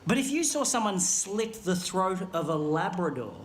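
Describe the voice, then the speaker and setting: A performer voicing a male felt puppet stand-up comedian with an Australian accent, telling a swearing, deadpan story on a live stage. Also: medium pitch, moderate pace, lightly acted. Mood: ranting. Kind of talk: stand-up routine. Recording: echoey stage with audience noise.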